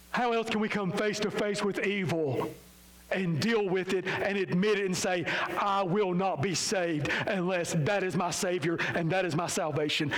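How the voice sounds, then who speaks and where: Brief: male preacher, fairly high voice, fiery evangelical sermon, drops low and solemn then climbs to loud peaks, pokes fun at himself. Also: low-quality recording. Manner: self-mocking asides.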